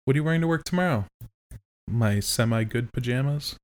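A man with a mid-range voice co-hosts a podcast, speaking a little fast and with animation. The talk is casual chat, and his manner is teasing and joking.

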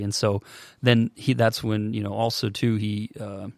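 A man in his twenties, a podcast guest, telling his story in an earnest, halting way with many restarts. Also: on the low side, little pitch movement, creaky, a little mellow, no room sound, studio quality. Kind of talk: casual storytelling.

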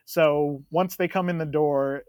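Chatty man, slightly high, dry sound. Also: a little slow, dry recording. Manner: animated, storytelling with frequent laughs. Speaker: podcast co-host. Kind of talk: casual chat.

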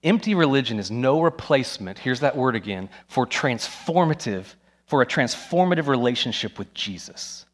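Male pastor, mid-pitched, lively sermon delivery with playful asides. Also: normal speed. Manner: animated, acts out scenes with voices.

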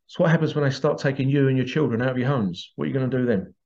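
A man's voice: medium pitch, sing-song, fast, creaky, a little mellow. A man hosting a podcast, delivering an agitated monologue full of rhetorical questions. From United Kingdom. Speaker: podcast host. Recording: dull lo-fi recording.

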